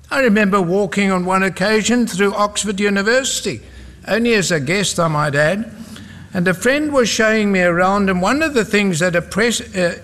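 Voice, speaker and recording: A man's voice: high voice, a bit bright, long reverb tail. A South African man preaching a sermon, emphatic and repetitive, with humorous asides.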